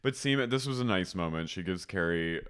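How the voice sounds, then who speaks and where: A man's voice: sits low, animated, a bit bright, clear, resonant tone. A man co-hosting a podcast, recapping a TV episode in casual chat, talking chattily with lots of "like". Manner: chatty, lots of "like", quick to jump into silly voices. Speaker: podcast co-host.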